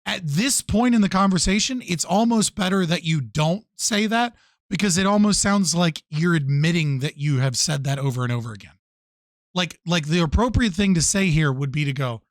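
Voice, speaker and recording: A man talks in a fairly high register, blunt and profane as he picks apart a debate clip. His close microphone sounds dry and present. The delivery is exasperated, casual stream commentary. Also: normal speed, no echo.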